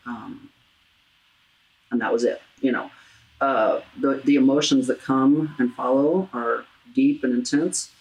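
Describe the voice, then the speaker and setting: A woman with a low, steady voice hosts an intimate interview about loss. She speaks earnestly, often restarting her sentences as she works through hard memories. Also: poor audio. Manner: earnest, halting, with many restarts. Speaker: talk show host. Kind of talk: heartfelt interview about grief.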